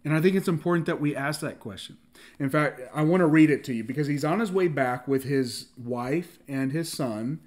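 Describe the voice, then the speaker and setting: Animated man preaching a casual sermon. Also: a little high, normal speed. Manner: animated, laughs often, acts out dialogue; frequent restarts and "like" fillers.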